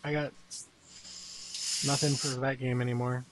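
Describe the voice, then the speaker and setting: A man hosting a live gaming podcast in a loose, rambling way. He speaks slowly and calmly, pausing often and chuckling at his own asides. His voice sits at an ordinary middle pitch. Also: slight background noise. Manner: rambling, laid-back, chuckling. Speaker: podcast host. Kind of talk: casual live podcast chat.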